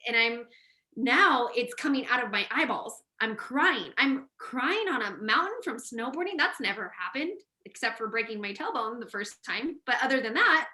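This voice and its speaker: Woman host, chatty and animated, slightly high voice, echoey room. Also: moderate pace. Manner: animated, laughing storyteller. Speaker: podcast host. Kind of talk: casual chat, storytelling. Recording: roomy echo.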